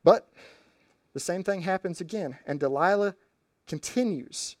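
A man preaching a storytelling sermon in a conversational, animated way with slangy asides. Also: sits high, moderate pace, no room sound, clean studio sound.

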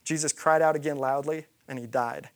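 A man's voice: a little high, steady tone, normal speed, gravelly. A man preaching a sermon, retelling a scripture story and acting out the quoted lines. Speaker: pastor.

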